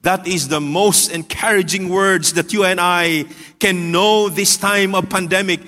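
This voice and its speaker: Bright-voiced man preaching in a hall. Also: fairly even intonation, unhurried. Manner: repetitive, earnest, dropping low and soft for emphasis. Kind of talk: sermon. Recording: long hall reverb.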